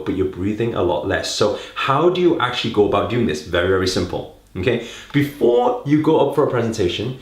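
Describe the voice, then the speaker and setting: A man coaches public speaking straight to the camera, his pitch swooping up and down as he talks. He keeps coaxing his listeners with questions and tags like "right?". His voice rings in an echoey room. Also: lively intonation, fairly quick, few pauses. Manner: coaxing, fills talk with rhetorical questions and "right?". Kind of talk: direct-to-camera teaching.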